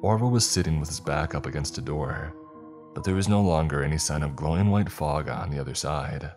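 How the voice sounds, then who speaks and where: Deep-voiced man narrating horror stories. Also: brisk, over music. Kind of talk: scripted narration.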